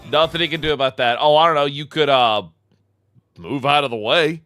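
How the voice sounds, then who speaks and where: A man's voice: fairly high pitch, fairly quick, pushed and bright, clear, resonant tone, faint music behind. A man streaming a live reaction, mocking a clip with profane, repetitive commentary. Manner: mocking, profane, repeats phrases for emphasis.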